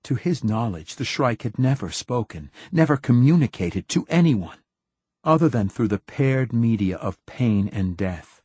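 A man narrating an audiobook with a measured, dramatic reading. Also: lowish voice, expressive, darkish tone, husky, no room sound. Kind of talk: scripted narration.

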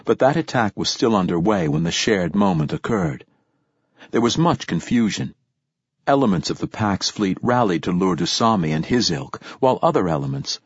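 A man reading an audiobook and voicing an earnest, short male priest who recounts events in a measured, informative way. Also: sits low, slightly rough, no room sound. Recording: dull, dry lo-fi recording.

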